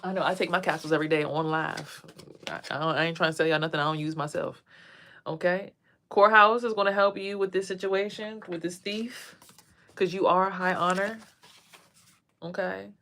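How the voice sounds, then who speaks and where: A woman's voice: on the low side, steady tone, moderate pace, a bit bright, slight background noise. A woman giving a casual tarot reading on a phone livestream, chatting to viewers and drifting between the cards and asides. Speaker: tarot reader.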